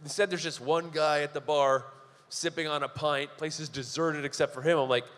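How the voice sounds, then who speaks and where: His voice is fairly high and a bit bright, with fairly even intonation. A young Canadian comic on stage, he tells sardonic, profane stories briskly, and the recording carries a live venue hall's long reverb.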